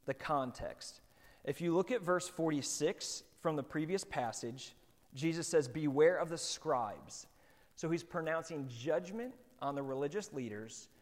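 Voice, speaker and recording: A man preaching a sermon as pastor, in a relaxed, conversational way with lots of fillers. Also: on the high side, normal speed, in a large hall.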